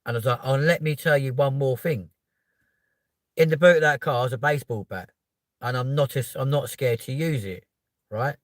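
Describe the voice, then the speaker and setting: A man's voice: medium pitch, normal speed, dry recording, studio quality. A man in his thirties with a London accent, telling a long story in casual talk, swearing freely and tagging lines with "right?". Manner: animated, voice jumps up when quoting himself. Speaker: podcast host.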